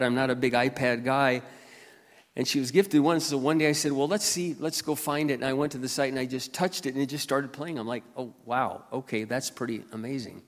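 A man preaching a sermon to his church, earnest and personal, clearing his throat often and building to forceful emphasis. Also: medium pitch. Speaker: pastor. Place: church sanctuary. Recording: long hall reverb.

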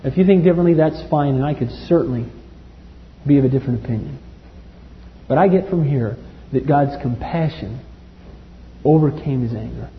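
A man preaching a sermon with passion, swinging from loud outbursts to hushed tones. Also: medium pitch, normal speed, long pauses, slight background noise. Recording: dull, hall-like recording.

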